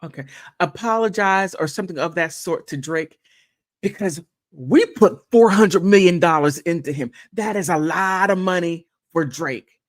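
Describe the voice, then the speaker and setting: A woman's voice: fairly low pitch, moderate pace. A woman hosting a casual commentary monologue, rambling with repeats and chatty asides. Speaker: channel host.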